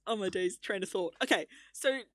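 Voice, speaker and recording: A woman's voice: medium pitch, a little fast, fairly bright tone, dry recording. A young woman co-hosting a casual podcast, chatty and enthusiastic, laughing often. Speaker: podcast co-host. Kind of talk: casual chat.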